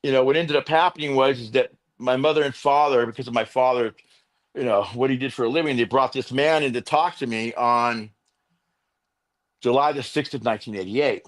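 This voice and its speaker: A middle-aged man, a veteran and interventionist, telling his recovery story as an interview guest, animated and acting out quotes. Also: medium pitch, a little fast. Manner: animated storyteller, acts out quotes, fillers like "you know".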